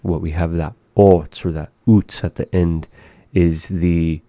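Man, very deep voice, patient language teacher, dry close sound. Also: fairly even intonation, warm tone, dry recording. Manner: slow, patient, modeling words carefully. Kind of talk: conversational language lesson.

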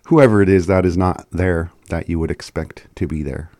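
Man, radio host, slow and relaxed, chuckles a lot, dry close sound. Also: sits low, no echo. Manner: relaxed, chuckles often, repeats phrases slowly. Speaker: radio host teaching a phrase of the day. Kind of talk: casual community radio talk.

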